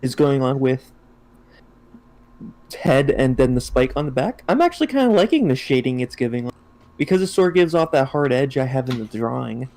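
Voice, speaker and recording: A man's voice: mid-range voice, very animated, dark tone. A young man chatting casually with friends on a stream, often stopping and restarting his sentences. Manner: rambling, halting restarts. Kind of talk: casual chat.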